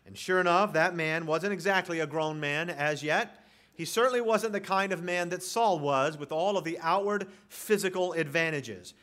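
A man's voice: fairly high pitch, moderate pace, a bit bright. A man preaching an expository sermon, reading scripture aloud and speaking directly to his congregation. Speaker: pastor.

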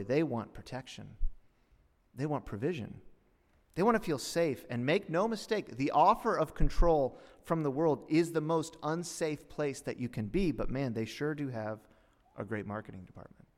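Dramatic preacher man in a reverberant hall. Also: fairly high pitch. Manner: dramatic, swings between hushed and loud, mock asides. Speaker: pastor. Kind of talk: sermon.

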